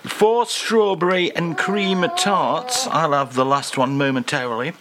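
A man's voice: fairly high pitch, a little slow, background noise. A man presenting community radio, joking and rambling in casual chat. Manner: jokey, rambling, chatty, talking through a mouthful. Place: radio studio.

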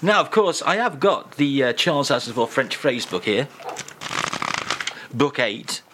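A man's voice: medium pitch, unhurried, slight background noise. A man presenting a radio show, playful and jokey, bantering from a studio. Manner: playful, jokey, animated delivery. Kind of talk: comic radio chat.

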